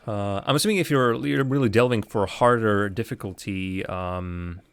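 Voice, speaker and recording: A man's voice: fairly low pitch, moderate pace, smooth, no room sound. A man giving casual, rambling commentary while streaming a game live, chatting with viewers and laughing often.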